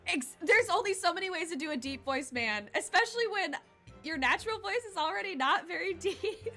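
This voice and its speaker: A woman's voice: extremely high pitch, animated, fairly quick, sharp tone, faint music behind. A young woman streaming a game, chatting and laughing as she reads the dialogue aloud. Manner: chatty, laughing, reads character lines in voices. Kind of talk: game let's play, reading dialogue aloud.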